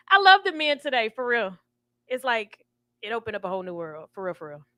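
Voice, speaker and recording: A woman's voice: a little high, big pitch swings, moderate pace, bright, forceful tone, no room sound. A woman hosting a radio talk show, chatty and emotional, laughing often. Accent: Southern US. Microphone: studio microphone.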